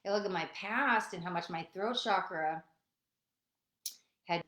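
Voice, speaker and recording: A woman's voice: lowish voice, unhurried, pushed and bright. A woman sharing personal healing lessons in an earnest, emotional way, often repeating herself. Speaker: spiritual vlogger. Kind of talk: personal reflective talk. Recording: roomy echo.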